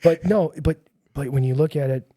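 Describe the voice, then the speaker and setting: Middle-aged firefighter guy chatting on a podcast, warm mellow voice, rambly, pokes fun at himself. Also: on the high side, normal speed, no echo, studio quality. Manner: rambling, self-deprecating, many fillers. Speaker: nonprofit founder, firefighter. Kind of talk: casual podcast conversation.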